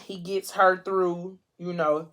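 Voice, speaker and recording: A woman, telling a book's plot in a chatty, expressive way and acting out the dialogue. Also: on the low side, slow pace. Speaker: vlogger. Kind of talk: casual storytelling while eating.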